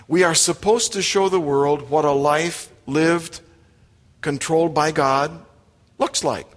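Male pastor, slightly high voice, slow measured delivery, long church reverb. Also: steady tone. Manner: emphatic, with direct questions to the congregation. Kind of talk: sermon. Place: church sanctuary.

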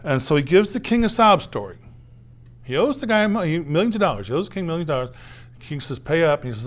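A man's voice: on the high side, big pitch swings, fast. A man preaching a conversational sermon, often asking "right?" and acting out the voices in a parable. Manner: conversational preaching, acts out quoted voices, tag questions. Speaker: pastor.

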